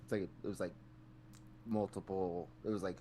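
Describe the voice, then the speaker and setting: A man with a very deep voice co-hosts a podcast. He speaks slowly, stopping and restarting often. Faint noise runs underneath. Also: steady tone, warm tone. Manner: laid-back, halting, full of "like". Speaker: podcast co-host. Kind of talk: casual podcast chat.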